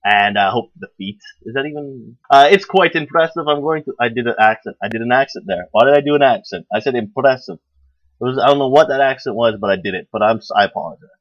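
A man's voice: lowish voice, fast talker, dry recording, muffled recording. A young man hosting a gaming channel, casually promoting a livestream in an upbeat, rambling, self-mocking way with many fillers and restarts.

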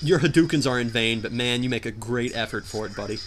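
A young man giving jokey, animated commentary while playing a hard video game, often shouting in frustration. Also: medium pitch, fast, a little hiss or hum. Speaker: gameplay commentator. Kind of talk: let's play commentary.

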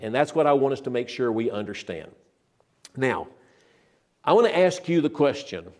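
Preaching with a sing-song, mid-range voice, this older man is earnest and emphatic. He often repeats and restarts phrases, slowing down whenever he stresses scripture.

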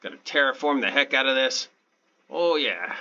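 A man hosting his own gaming channel, talking through his play in a deadpan, sarcastic, self-mocking way. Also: mid-range voice, normal speed, highs cut off. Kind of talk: sarcastic let's play commentary.

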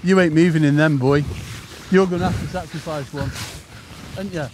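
An English man hosting a fishing challenge outdoors, chatty and excitable, overheated and panting between exclamations. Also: fairly high pitch, normal speed, a little hiss or hum. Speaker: angler and channel host. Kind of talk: banter while fishing outdoors.

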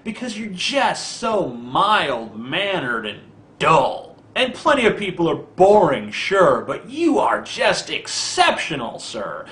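Sarcastic, bright-voiced ranting man. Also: fairly high pitch, wildly swooping pitch, slow, roomy sound. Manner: sarcastic, profane, mocking. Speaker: vlogger. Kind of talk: ranting video commentary.

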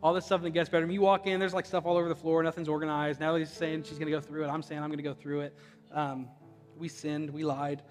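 A man's voice: a little high, little pitch movement, fast, long reverb tail, faint music behind. A young adult man from Ohio preaching a sermon, conversational and impassioned, with humorous personal stories. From Ohio, USA. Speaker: pastor. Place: church sanctuary.

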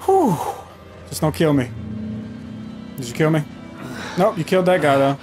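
A man's voice: a little high, expressive, normal speed. Jumpy, profane man playing a horror game. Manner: jumpy, profane, nervous joking. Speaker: gaming channel host. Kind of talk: let's play commentary. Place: home gaming setup. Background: horror game music.

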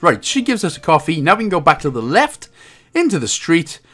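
A man narrating a game walkthrough, joking around and slipping into silly high voices. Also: big pitch swings, fairly quick, sharp tone. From Wales. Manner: bursts into silly high-pitched voices and laughs at own jokes. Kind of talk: jokey game walkthrough commentary. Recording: faint game music underneath.

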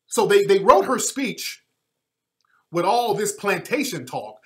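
Male commentator, high lively voice, emphatic profane rant, repeats his points. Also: slow pace. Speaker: online commentator.

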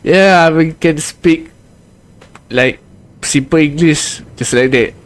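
A Malaysian man, a Malay speaker at home, does live commentary on his own gameplay. His voice sits high, and he talks slowly. He keeps erupting into excitable little exclamations as the action unfolds. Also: slight background noise. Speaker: game streamer.

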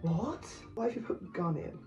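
A man co-hosting a casual chat, making sarcastic, deadpan jokes. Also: high-pitched, normal speed, lo-fi sound, soft background music. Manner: sarcastic, deadpan jokey remarks. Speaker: co-host. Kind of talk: casual chat while browsing a shopping site.

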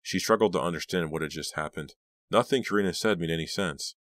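A man narrating an audiobook in a steady, dramatic reading voice. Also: sits low, fast talker, dry recording, studio quality. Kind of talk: scripted narration.

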